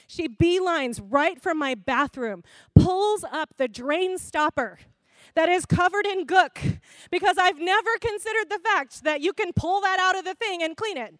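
A woman preaching a sermon in a conversational, expressive way, laughing often. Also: extremely high pitch, measured pace, no echo.

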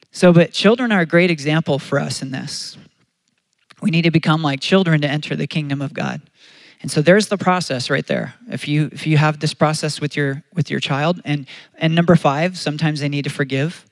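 A man's voice: fairly high pitch, no room sound. A man preaching a sermon as pastor, earnest and conversational, often restarting his phrases.

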